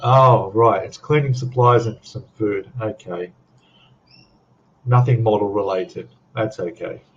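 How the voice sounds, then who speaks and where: Through a muffled recording, a fairly low-pitched older Australian man speaks at a measured pace as he chats casually on a livestream, rambling, laughing a lot, and reading out comments from viewers.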